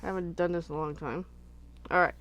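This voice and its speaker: A woman's voice: fairly low pitch, steady tone, quick pace, fairly bright tone, dry recording. A woman hosting a casual live crafting session, chatting and rambling as she thinks aloud while she works at her craft desk. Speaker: craft channel host.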